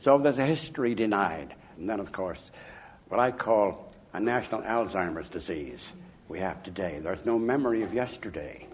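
An older man from Chicago, an author interviewed about his life, telling anecdotes in an emphatic, animated way. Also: on the low side, moderate pace, background noise. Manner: animated, emphatic, chuckling raconteur. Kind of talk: anecdotal storytelling.

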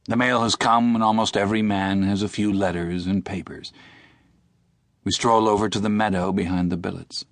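A man narrating an audiobook in a measured, steady reading. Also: lowish voice, no room sound, studio quality.

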